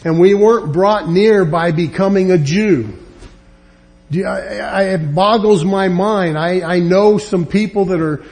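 A man's voice: high voice, a little slow, darkish tone, faint music behind. A man teaching a verse-by-verse Bible lesson, earnest and emphatic, often restarting his sentences.

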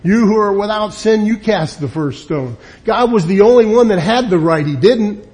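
A man's voice: sits high, moderate pace. A man preaching a sermon, emphatic, acting out the people he quotes. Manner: emphatic, acts out quoted people with lively swings. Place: church or meeting room.

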